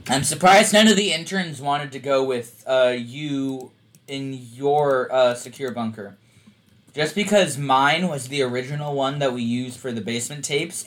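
A man co-hosting a casual conspiracy-themed podcast, rambling and halting with plenty of fillers. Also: medium pitch, fairly bright tone, slight background noise. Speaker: podcast co-host.

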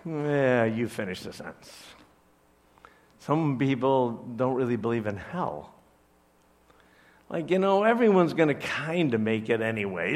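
A man's voice: medium pitch, sing-song, unhurried. A man from Chicago, a pastor, preaching a conversational sermon to his church with joking asides. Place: church service.

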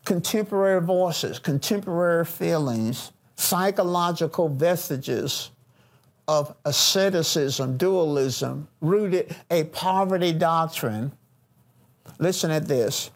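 Middle aged preacher guy, slow deliberate sermon, high pitched and a bit gravelly. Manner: preacherly, repeats phrases for emphasis, shifts tone for quoted voices. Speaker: pastor.

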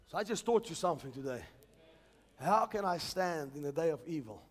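Fervent male preacher, high-pitched, leads call-and-response; big reverberant hall. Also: animated, brisk. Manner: fervent, calls congregation to repeat after him. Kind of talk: sermon.

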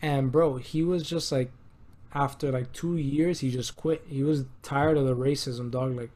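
A man's voice: medium pitch, fairly even intonation, measured pace, darkish tone. Slangy man telling a story. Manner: slangy, laid-back storytelling. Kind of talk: casual chat.

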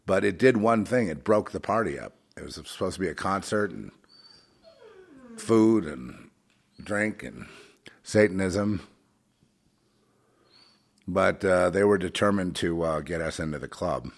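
A man delivering a rambling religious monologue, swinging between fervent outbursts and quiet, halting asides full of restarts. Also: low-pitched, expressive, gravelly. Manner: many restarts and fillers, conversational.

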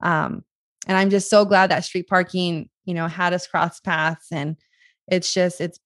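A woman's voice: fairly low pitch, little pitch movement, unhurried, no echo. A woman hosting a podcast over a video call, emotional and gushing, often close to tears as she thanks her guest. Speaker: podcast host. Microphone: video call audio.

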